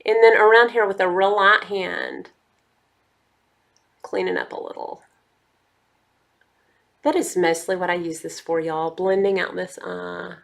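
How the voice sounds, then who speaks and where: A beauty vlogger chats casually through a makeup tutorial, speaking straight to her viewers and calling them y'all. Her voice is lowish with vocal fry and big pitch swings, and she talks unhurriedly with long pauses.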